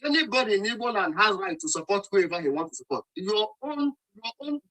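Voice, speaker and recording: A Nigerian man arguing hard in a live online debate, his voice high and very bright and forceful. He scolds, repeats his points and keeps talking over anyone who cuts in. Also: big pitch swings, brisk, rough recording. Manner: scolding, repetitive, talks over interruptions. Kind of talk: heated argument.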